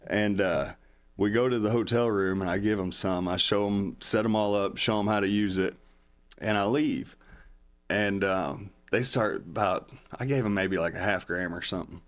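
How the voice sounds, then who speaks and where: At a moderate pace, a podcast guest tells a long, meandering story in casual conversation, his voice fairly low and his intonation fairly even. He raises his volume to act out the things other people said.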